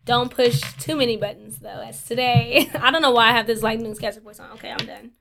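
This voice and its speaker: A woman's voice: a little high, steady tone, brisk, gravelly, music in the background. A young woman co-hosting a casual podcast, laughing often and talking in a playful way. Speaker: podcast co-host. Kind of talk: casual chat.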